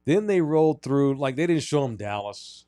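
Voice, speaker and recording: A man's voice: mid-range voice, animated, normal speed, mellow, clear, resonant tone, dry recording, studio quality. A man from North Texas, hosting a casual sports podcast and ranting emphatically as he tells stories. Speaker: podcast host.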